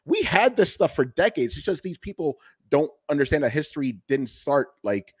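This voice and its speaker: A middle-aged man talking as a podcast guest in casual, animated chat, emphatic and swearing freely. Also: on the high side, moderate pace.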